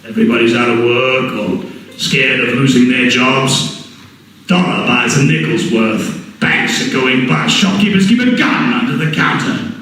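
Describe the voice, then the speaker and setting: A man performing the rant of a furious television newsman, shouting more and more. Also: medium pitch, lively intonation, measured pace, heavy reverb, distant mic, pitched below the performer's own voice, poor audio. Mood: bitter. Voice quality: shouting, rising to hoarse yelling. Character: furious newsman ranting on air, adult man.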